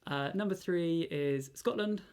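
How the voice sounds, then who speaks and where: A woman co-hosting a casual quiz, reading out answers in a measured, deliberate way. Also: lowish voice, a little mellow, clean tone. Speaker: quiz co-host.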